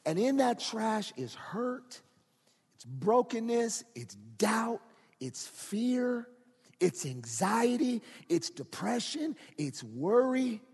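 A man's voice: very high voice, sing-song, slow pace, breathy edge. Man preaching in a reverberant hall. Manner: builds from quiet to shouting preaching. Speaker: pastor. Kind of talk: sermon.

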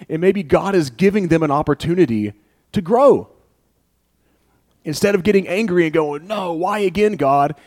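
A man preaching a sermon in a conversational, storytelling way, building to animated emphasis. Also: on the high side, normal speed, pauses often, no echo. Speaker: pastor.

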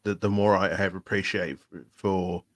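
A man co-hosting a casual live-stream podcast speaks in a fairly low voice. He rambles, often restarting and repeating himself, as he feels his way through a thought. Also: steady tone, moderate pace. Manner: rambling, with frequent restarts and fillers. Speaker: podcast co-host.

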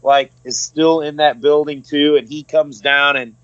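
Podcast dude telling a story, cussing, lots of ums, slightly high voice, dry muffled sound. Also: male voice, steady tone, fairly bright tone, no room sound. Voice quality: profane, halting with fillers. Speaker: podcast co-host. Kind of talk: casual storytelling.

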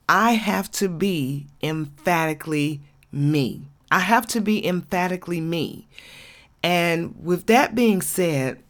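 A woman, hosting an inspirational podcast and talking candidly and folksily straight to her listeners. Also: sits low. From Georgia, USA. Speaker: podcast host.

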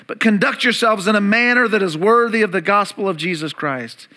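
A man's voice: sits high, fairly quick, bright, forceful tone. A man preaching a sermon as a pastor, reading scripture and repeating key words for emphasis while asking the congregation questions.

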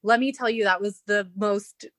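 Animated woman telling her story. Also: mid-range voice, moderate pace, no echo, clean studio sound. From Nevada, USA. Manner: animated, acts out quoted dialogue, laughs often, lots of "like". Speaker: podcast guest. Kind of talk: candid storytelling interview.

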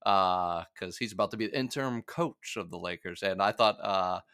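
A young man with a fairly low, smooth and resonant voice, chatting loosely about a TV episode. He rambles and laughs often, with plenty of fillers. The sound is close and dry. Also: moderate pace, a bit bright, dry recording. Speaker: podcast co-host. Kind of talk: casual TV recap chat.

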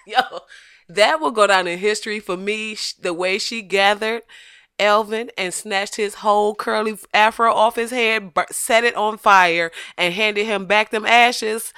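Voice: mid-range voice, unhurried, smooth, no echo, clean studio sound. A podcast host in casual, comedic chat, laughing often and slipping into voices when quoting people. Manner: animated, laughs often, slips into quoted voices.

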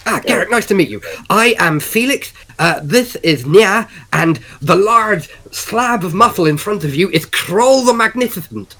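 Man playing a fussy, overpolite gnome, a bit high, trips over his words. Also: expressive, measured pace, few pauses, fairly bright tone, full character voice, rough recording. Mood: courteous. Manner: overly polite, flustered. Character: polite fussy male gnome adventurer.

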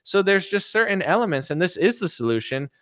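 A man hosting his own show, ranting casually about politics in a rambling, animated way, full of "like" and restarts. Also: high-pitched, a little fast, clear, resonant tone. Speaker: political commentary host. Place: home recording setup.

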